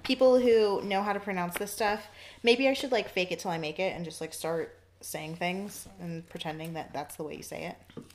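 A woman's voice: lowish voice, fairly even intonation, normal speed, slight background noise. A woman talks casually through a wine tasting, stumbling over grape names and laughing at herself. Her voice carries a roomy echo. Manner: chatty, self-deprecating, stumbles over wine terms. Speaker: wine taster.

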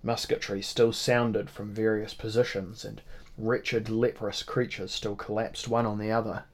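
A man narrating a novel in a measured, dramatic reading style. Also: on the low side, level tone. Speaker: audiobook narrator. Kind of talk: scripted narration.

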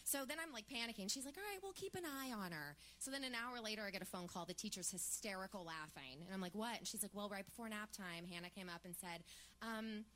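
A chatty woman in her thirties co-hosts a live podcast from a theatre stage, telling a long anecdote with plenty of ums and likes. Her voice is bright and forward, with a faint hum underneath. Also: mid-range voice, quick pace. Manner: chatty, animated storyteller with many fillers. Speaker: podcast co-host. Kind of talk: live podcast banter and storytelling.

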